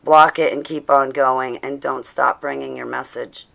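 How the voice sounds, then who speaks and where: A woman's voice: a bass voice, steady tone, measured pace, creaky, fairly bright tone. A tired woman hosting a casual livestream, preaching to and chatting with her viewers and laughing often. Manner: preachy, reads chat aloud, laughs often. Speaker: livestream host.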